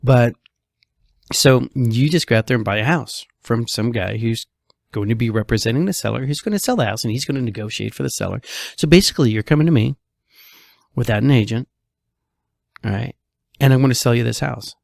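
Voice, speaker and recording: A man's voice: medium pitch, expressive, fairly quick, creaky, long pauses, no echo. A man, a real estate broker, talking through the housing market in a casual, chatty way, full of rhetorical questions and frequent "all right"s.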